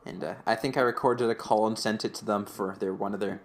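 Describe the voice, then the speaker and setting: A man's voice: lowish voice, steady tone, fairly quick. A young man co-hosting a casual fan podcast, rambling through a retelling with many fillers. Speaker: podcast co-host.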